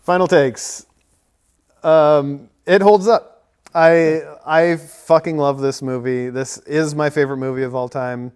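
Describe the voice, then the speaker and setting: A man's voice: on the high side, fairly even intonation, unhurried, a little mellow, smooth. Chatty man in his thirties, lots of ums. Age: 30s. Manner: rambling, many fillers and likes. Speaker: podcast co-host. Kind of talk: casual movie recap chat.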